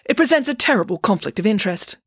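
A bossy, supremely self-assured pig nanny from a storybook, played by a woman reading aloud. She speaks briskly, with lively, bouncing pitch. The voice has a slightly husky edge and sounds dry and close. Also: dry recording. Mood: lofty.

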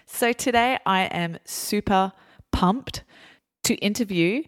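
A woman with an Australian accent hosting a podcast, upbeat and explaining slang slowly and clearly. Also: mid-range voice. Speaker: podcast host. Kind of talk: scripted podcast intro and interview.

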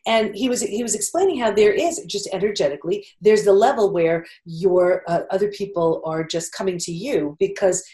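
A woman's voice: medium pitch, normal speed, few pauses, dark tone, reverberant. A woman guest in a casual conversation, speaking thoughtfully and searching for words.

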